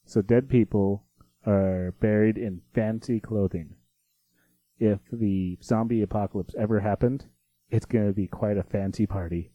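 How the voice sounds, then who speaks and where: A man co-hosting a podcast in casual chat, quick and joking as he leads the conversation. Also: lowish voice, fairly even intonation, no echo, highs cut off. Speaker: podcast co-host.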